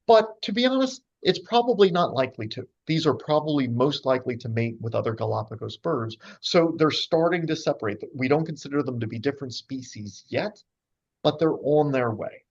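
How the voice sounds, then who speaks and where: Giving a casual slide lecture to a group of birders, this man speaks in a voice on the high side, chatting away with plenty of fillers and playful asides. The audio is dull.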